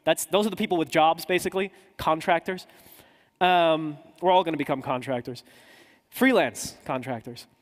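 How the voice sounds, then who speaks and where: A man's voice: fairly high pitch, moderate pace. A man, a podcaster and journalist, tells chatty, self-mocking travel stories in a conference talk. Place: conference hall. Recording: echoey hall.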